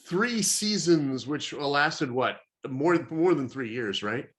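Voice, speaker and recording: A man's voice: on the high side, lively intonation, slow pace, fairly bright tone. An American man, the dungeon master, chatting casually as he wraps up a game stream, with many fillers and restarts.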